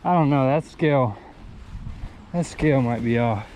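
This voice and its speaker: A man from Texas filming himself bass fishing by a lake dam, talking breathlessly and exclaiming at a big catch, shaky with excitement. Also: moderate pace. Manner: breathless, exclaiming, talks to the fish. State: shaking with excitement. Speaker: fishing vlogger. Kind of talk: excited outdoor commentary. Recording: dull lo-fi outdoor audio with faint noise.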